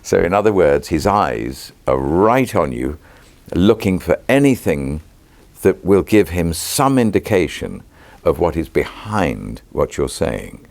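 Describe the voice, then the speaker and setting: A British actor in his sixties answering interview questions in a measured, reflective way, pausing with ums and restarting phrases. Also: low voice, big pitch swings, gravelly, darkish tone, no echo. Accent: British English. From Britain.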